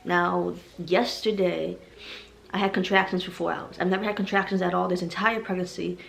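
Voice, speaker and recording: Tearful, rambling pregnant woman with fry. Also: on the low side, fairly even intonation, moderate pace, slight background noise. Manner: emotional, rambling, tearful at times. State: heavily pregnant. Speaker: vlogger. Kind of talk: personal vlog confession.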